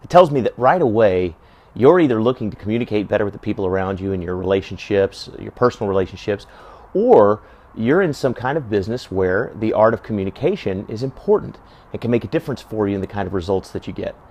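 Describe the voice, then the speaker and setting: A man's voice: on the low side, lively intonation, fast talker, darkish tone. A man giving casual advice to camera, talking conversationally and asking lots of rhetorical questions. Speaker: self-help video host.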